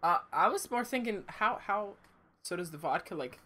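Male podcast sidekick, animated and bright, quick with dry jokes. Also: high voice. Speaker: podcast co-host. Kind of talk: casual podcast chat.

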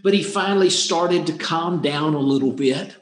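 A man's voice: fairly high pitch, moderate pace, a little hiss or hum. A man telling a true life story in an earnest way, often repeating words for emphasis. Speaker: speaker on happiness. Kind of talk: storytelling talk. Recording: roomy echo.

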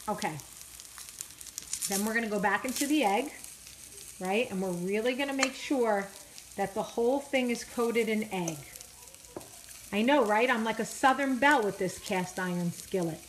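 A chatty woman talks her viewers through a recipe, full of fillers and jokes at her own expense. Her voice sits in a middle register. Loud frying and sizzling from the pan run under everything she says. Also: medium pitch, very noisy. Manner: chatty and self-deprecating, many fillers. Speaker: vlogger cooking on camera. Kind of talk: casual self-filmed cooking vlog. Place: home kitchen, frying at the stove. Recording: home kitchen with loud sizzling.

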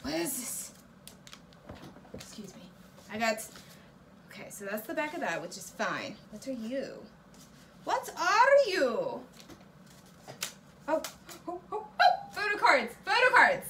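A young woman hosting a reaction video, chatting casually as she unboxes merch, gasping and squealing with excitement. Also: high voice, takes it slowly, long pauses, slight background noise.

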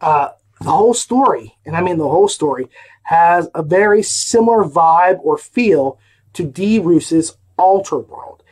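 A man with a notably high-pitched voice talks through an audiobook review in a loose, conversational way. He is opinionated and throws in emphatic asides as he goes. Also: expressive, unhurried, darkish tone. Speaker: podcast host reviewing audiobooks. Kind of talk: casual spoken review.

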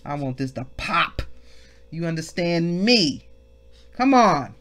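A woman leads a scripture devotional. Her voice rises and falls in a very animated way. She repeats key phrases, exclaims and asks her listeners questions as she teaches. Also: lowish voice, slow pace, slight background noise. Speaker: ministry leader teaching scripture.

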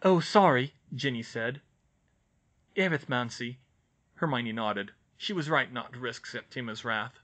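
A man narrating fan fiction as an audiobook in a plain, steady way. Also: medium pitch, moderate pace, hardly any pauses.

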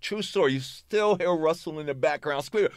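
A middle-aged man, a rapper visiting a radio studio, telling an animated story and acting out the voices and sounds of others. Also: on the high side, fairly quick, dry recording. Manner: lively storyteller, mimics voices and sounds, says true story. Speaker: rapper guest on radio show. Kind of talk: animated storytelling with acted quotes.

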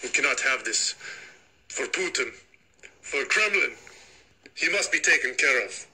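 A man voicing a gruff male Russian agent with a mock Russian accent, speaking low and stern. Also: lively intonation, a little slow, pushed and bright, rough recording. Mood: menacing.

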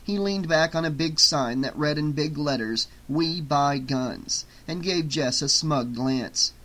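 A man narrating an audiobook in a steady, measured reading. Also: fairly high pitch. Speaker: audiobook reader.

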